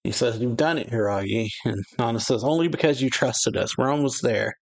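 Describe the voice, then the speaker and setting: A man casually reading a manga chapter aloud and retelling its dialogue, with lots of "yeah" and "uh" and quick exclamations. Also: mid-range voice, vocal fry. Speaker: anime reaction channel host. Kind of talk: casual manga read-along with reactions.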